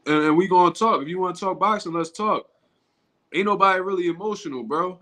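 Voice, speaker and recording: A man's voice: sits high, a little fast, sharp tone. A man talking casually on his own livestream, in loose street slang and often restarting his sentences. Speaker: boxing commentary YouTuber.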